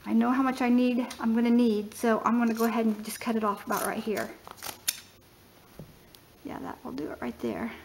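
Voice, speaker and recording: A woman's voice: a little high, fairly even intonation, fairly quick, vocal fry, long pauses, darkish tone, slight background noise. A middle-aged woman chatting casually as she tours her half-finished house remodel, thinking aloud with fillers. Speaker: homesteading vlogger. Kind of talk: casual home tour narration. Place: house under remodel, indoors.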